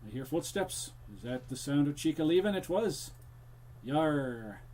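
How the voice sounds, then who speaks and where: Chatty man streaming a game, slightly high voice. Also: expressive, measured pace, darkish tone. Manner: chatty, talks to the viewers while playing, drifts into a jokey pirate-ish accent. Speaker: streamer playing a horror game. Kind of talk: casual live-stream commentary.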